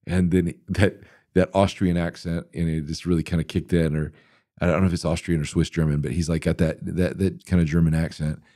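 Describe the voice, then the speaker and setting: Deep-voiced rambling man podcast host. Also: a little fast, dry recording, studio quality. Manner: rambling, animated storyteller with many fillers. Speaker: podcast host answering listener questions. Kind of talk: casual interview talk.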